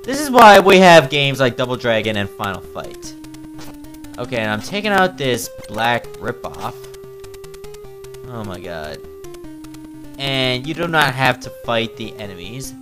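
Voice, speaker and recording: A man's voice: medium pitch, very animated, a little slow, pauses often, fairly bright tone, soft background music, rough recording. A man reviewing a video game with crude, sarcastic, mocking commentary. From Newfoundland, Canada.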